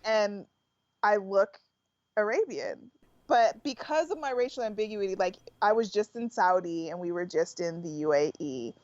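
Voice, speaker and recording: A woman's voice: medium pitch, normal speed, dry recording. A woman with an American accent hosting a podcast, chatting casually and laughing often. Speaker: podcast host. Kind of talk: casual chat. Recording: dull, dry lo-fi sound.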